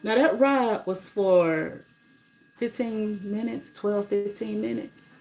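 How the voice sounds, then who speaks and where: A woman's voice: medium pitch, slow, a little mellow, a little hiss or hum, poor audio. Blunt, cursing woman telling a story. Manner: blunt, profane, indignant retelling. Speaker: livestreamer and rideshare driver. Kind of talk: casual livestream storytelling.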